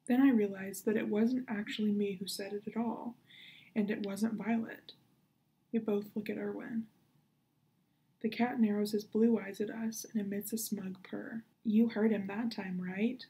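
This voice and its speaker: A woman librarian reading a children's novel aloud in a steady, unhurried storytelling manner. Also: mid-range voice, gravelly, rough recording.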